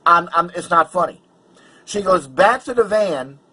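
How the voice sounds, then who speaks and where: A man's voice: sits high, animated, measured pace, pushed and bright, husky, rough recording. A man vlogger telling a personal story in an agitated, emphatic way, stumbling over restarts. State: angry and worked up.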